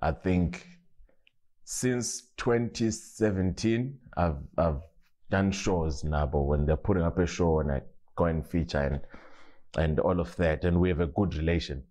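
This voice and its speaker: Very deep-voiced Zimbabwean comedian. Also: male voice, unhurried. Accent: Zimbabwean Ndebele. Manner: relaxed storytelling with frequent restarts and laughs. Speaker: comedian guest. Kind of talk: casual interview, mixing English and Ndebele.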